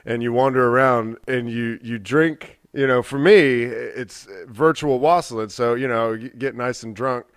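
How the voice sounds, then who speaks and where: A man's voice: medium pitch, a little slow, hardly any pauses, smooth, no room sound, studio quality. A young adult man casually telling a long, profane story on a podcast, acting out quoted dialogue. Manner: rambling, profane, animated retelling with quoted dialogue. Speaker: podcast co-host.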